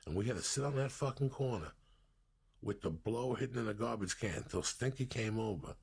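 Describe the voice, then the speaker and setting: A man's voice: fairly low pitch, fairly quick, darkish tone, slightly rough. A man in his sixties, a podcast guest telling long, profane, rambling stories in a casual way. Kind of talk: casual storytelling.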